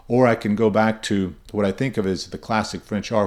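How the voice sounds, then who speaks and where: A man's voice: on the low side, fairly even intonation, fairly quick, hardly any pauses, darkish tone. A man teaching pronunciation, patiently explaining and repeating example sounds, a native English speaker. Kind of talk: explanatory lesson with spoken examples.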